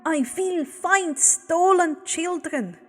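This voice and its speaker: A woman's voice: very high-pitched, takes it slowly, long reverb tail, faint music behind, voice pushed up. A woman reading aloud, voicing a fierce, stubborn golden-eyed man who snaps his words. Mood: defiant. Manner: snapping, forceful.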